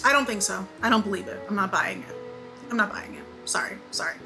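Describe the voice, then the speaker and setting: A woman in her twenties giving a casual, animated TV recap, repeating lines for emphasis and laughing often. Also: medium pitch, quick pace, creaky, over music, low-quality recording. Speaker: beauty vlogger.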